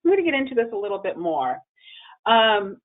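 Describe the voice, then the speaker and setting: A woman's voice: medium pitch, sing-song, fairly quick. A woman giving a webinar presentation on emotional well-being in a conversational way, with fillers and restarts. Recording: phone-line audio.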